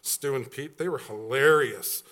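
A man's voice: medium pitch, a little slow, a bit bright. A middle-aged man preaching a sermon as a pastor, conversational and jokey, sometimes acting out other people's voices.

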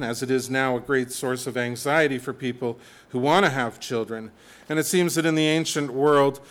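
A man preaching a sermon in a conversational, animated way, with humorous asides. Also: mid-range voice.

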